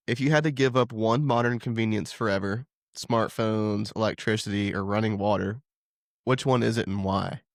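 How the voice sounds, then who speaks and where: A man's voice: on the low side, fairly even intonation, moderate pace, no echo, clean studio sound. A man from Ohio co-hosting a podcast, chatting casually and joking with frequent laughs. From Ohio, USA. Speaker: podcast co-host. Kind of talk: casual chat.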